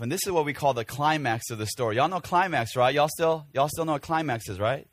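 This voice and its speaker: A man in his forties preaching a casual, animated sermon to a church audience, acting out scenes with sudden shouts. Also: fairly high pitch, quick pace, few pauses, no echo. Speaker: pastor.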